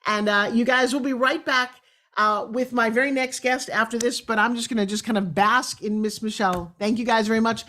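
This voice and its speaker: A woman's voice: fairly high pitch, steady tone, a little fast, bright, forceful tone. A middle-aged woman from New York hosting a talk show, enthusiastic and chatty as she tells stories. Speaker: host.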